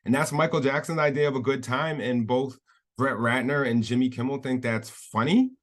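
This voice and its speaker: A man's voice: medium pitch, steady tone, moderate pace. A man giving casual, indignant commentary in a video. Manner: indignant, talking things through. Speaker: YouTube commentator.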